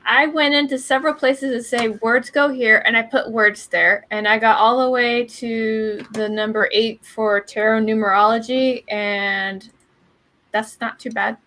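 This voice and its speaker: A woman giving a relaxed, filler-heavy update on her writing in casual chat. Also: fairly high pitch, measured pace, rough recording. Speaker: writer on a livestream.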